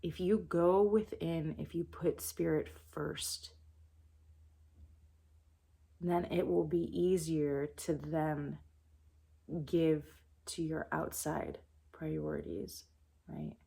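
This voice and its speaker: Low, gravelly-voiced woman channeling calmly. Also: takes it slowly, pauses often. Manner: calm, soft-spoken and meditative. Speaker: spiritual reader. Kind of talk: channeled spiritual message.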